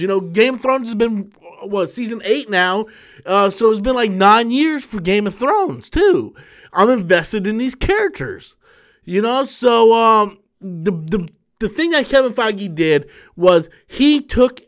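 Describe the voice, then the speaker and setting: A high-pitched man in his thirties hosts a live stream for his YouTube channel, fatigued from a long work shift. He fields viewer messages in an excitable, rambling way, with frequent restarts.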